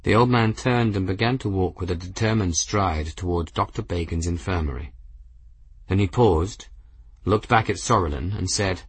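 Low, husky male audiobook narrator. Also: moderate pace, no echo. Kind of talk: scripted narration.

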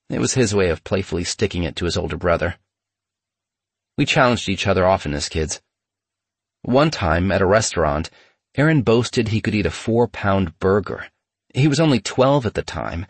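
Male memoir narrator, measured and steady, dry close read. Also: low voice, breathy edge, dry recording.

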